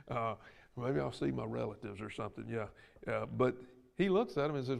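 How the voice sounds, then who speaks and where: A man's voice: medium pitch, lively intonation, moderate pace, vocal fry. A man with a Southern accent teaching a Sunday school Bible lesson in a church classroom, plainspoken and folksy, acting out the lines he quotes.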